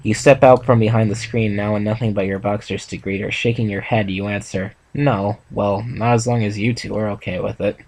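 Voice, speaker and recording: A man's voice: fairly low pitch, fairly even intonation, a little fast, hardly any pauses, darkish tone, a little hiss or hum, poor audio. A young man reading a fan story aloud with stumbles and joking asides between friends. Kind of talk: casual reading and reaction chat.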